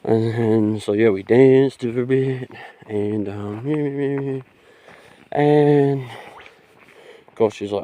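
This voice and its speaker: A man's voice: mid-range voice, extremely slow, long pauses, warm tone. A young man, rambling through a casual story into his phone, laughing and swearing as he goes. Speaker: vlogger. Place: outdoors.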